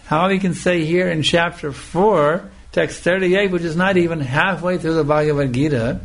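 A man giving a scripture lecture as a spiritual teacher, speaking slowly and emphatically and repeating phrases for emphasis. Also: a little high.

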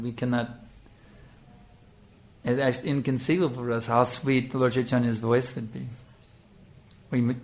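An older man giving an earnest sermon, telling a devotional story with lively storytelling and frequent fillers. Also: medium pitch. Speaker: spiritual teacher.

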